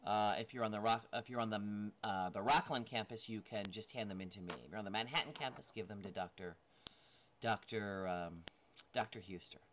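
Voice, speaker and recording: A man whose voice is on the low side and fairly bright lectures briskly over slides in a recorded class. As instructor he's casual, leaning on fillers and repeated "right?" checks, and the lo-fi recording is dull with faint noise.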